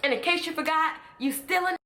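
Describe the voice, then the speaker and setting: A woman's voice: very high-pitched, fairly quick, pushed and bright. A woman, ranting bluntly and with exasperation in a casual vlog, using slang. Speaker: vlogger. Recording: echoey room.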